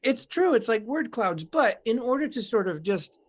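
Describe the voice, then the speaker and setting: A woman's voice: on the high side, sing-song, moderate pace. Woman, podcast chat, meandering, reflective, acts out inner voices. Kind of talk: casual podcast conversation.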